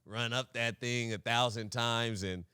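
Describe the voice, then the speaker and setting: A young man co-hosting a podcast, telling a story in casual chat, animated and laughing often, acting out voices. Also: mid-range voice, a little slow, smooth, no echo, studio quality. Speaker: podcast co-host.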